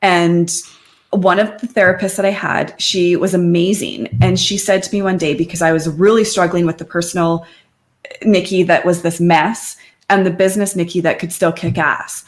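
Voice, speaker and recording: A woman's voice: fairly low pitch, normal speed. A middle-aged woman, a podcast guest, speaking openly and conversationally about her life. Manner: open and conversational, quotes friends in lively voices. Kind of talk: candid personal interview.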